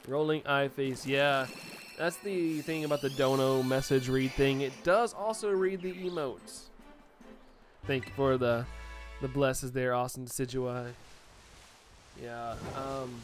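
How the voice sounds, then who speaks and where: A man's voice: mid-range voice, slow pace, long pauses, soft background music. A young man live-streaming, chatting casually and laughing often as he reacts to viewer messages.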